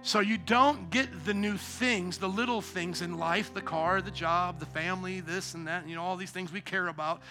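A male pastor preaches in a church with a high, bright, ringing voice. He drops to near-whispered asides, then climbs into loud, shouted exhortation. Soft instrumental music plays underneath. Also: steady tone, moderate pace, few pauses. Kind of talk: sermon. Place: church sanctuary.

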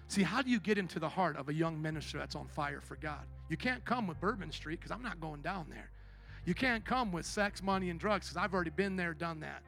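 Male pastor, high bright voice, testimony sermon, quiet then loud, faint music behind. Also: fairly quick, creaky. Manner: storytelling, swings from hushed to loud.

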